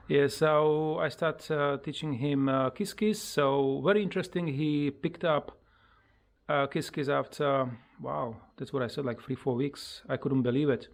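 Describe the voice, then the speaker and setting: Slow-talking parrot owner with sing-song coaxing. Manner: switches to high sing-song coaxing when talking to the bird; halting, with many fillers and simple grammar. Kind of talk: casual pet vlog.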